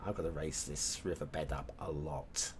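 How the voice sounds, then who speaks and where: A man's voice: a bass voice, steady tone, moderate pace, slight background noise. A man chatting casually on a live game stream, rambling between topics and humming to himself as he works. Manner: rambling, hums and mutters to himself while working. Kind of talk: casual live-stream chat while map making.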